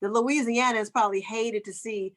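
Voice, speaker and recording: A woman's voice: a little high, steady tone, moderate pace, fairly bright tone. A woman talking animatedly in a casual podcast chat, often laughing and acting out quoted voices. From United States. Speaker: guest author and comedian.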